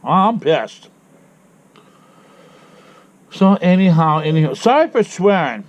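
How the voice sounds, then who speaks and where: A man's voice: sits high, very animated, slow pace. A man with a head cold, ranting angrily and swearing while he tells a bad day, repeating himself. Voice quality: congested. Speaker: vlogger. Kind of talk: ranting personal vlog. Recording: dull lo-fi sound with faint noise.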